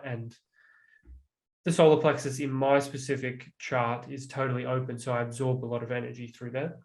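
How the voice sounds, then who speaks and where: A man telling personal stories about emotional pain in a reflective, casual way, with many "like" fillers. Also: medium pitch. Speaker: guest. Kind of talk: casual conversation.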